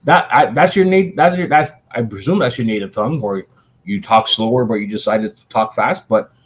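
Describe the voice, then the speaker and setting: An energetic man co-hosting a relaxed radio show. He tells his stories with plenty of laughter, and his voice sits at a middling pitch for a man. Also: a little fast, slightly rough. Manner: laughs often, energetic reminiscing. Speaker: radio co-host. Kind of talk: casual radio chat. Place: radio studio.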